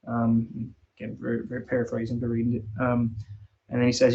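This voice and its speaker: A man's voice: medium pitch, completely flat delivery, fairly quick, creaky, slightly rough. A man leading a casual Bible study in a church, retelling scripture in plain, folksy everyday terms. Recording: dull lo-fi recording.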